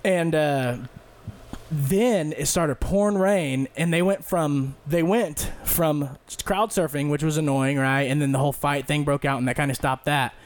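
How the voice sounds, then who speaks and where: A young man on a podcast casually telling a rambling, profane story and loudly acting out the people in it. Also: on the high side, a little slow. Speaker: podcast co-host.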